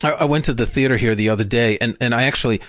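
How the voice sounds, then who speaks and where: A man from England co-hosting a podcast, chatting casually with quick jokes and asides. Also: mid-range voice, fairly bright tone, no room sound, studio quality. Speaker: podcast co-host.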